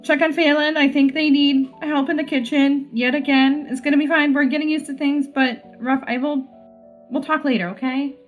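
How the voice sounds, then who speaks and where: A woman voicing a tearful young woman who speaks softly and tries to hold back her sobs. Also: high voice, fairly even intonation, moderate pace, muffled recording, faint music behind, lightly acted. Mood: choked up. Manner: soft, wavering, trying not to cry.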